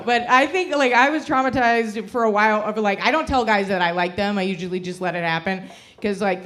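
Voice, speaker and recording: A woman's voice: mid-range voice, fairly bright tone. A young adult woman performing a brash, crude stand-up set, often laughing at her own jokes. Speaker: stand-up comic.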